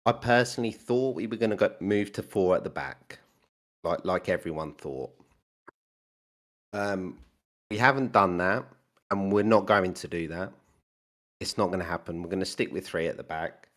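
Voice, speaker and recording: An English man calling in to a fan podcast, talking football in a measured, pragmatic way. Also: deep voice, fairly bright tone. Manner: measured, pragmatic, listing players. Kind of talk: casual call-in football chat. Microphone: voice chat.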